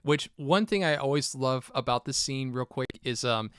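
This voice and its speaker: A man's voice: medium pitch, normal speed, a bit bright, smooth, no room sound, studio quality. A young man hosting a casual film chat, rambling with many fillers and acting out movie quotes. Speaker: podcast host.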